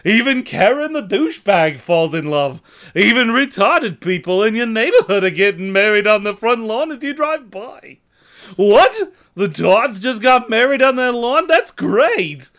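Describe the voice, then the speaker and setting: A man's voice: sits high, very animated, measured pace, a bit bright, voice pushed up, exaggerated voice. A man putting on a giggly, fluttery old vaudeville clown voice as a comic impression on a podcast. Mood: giddy.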